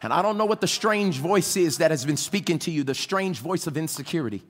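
A pastor with children preaching a sermon fervently, swinging between shouting and hushed tones and calling on the congregation to respond. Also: male voice, on the high side, lively intonation, fairly quick. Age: adult with children.

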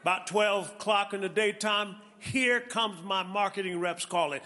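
A male preacher giving an animated sermon with a personal testimony, calling out to his congregation and building to shouts. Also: sits high, normal speed, few pauses. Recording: long reverb of a large hall.

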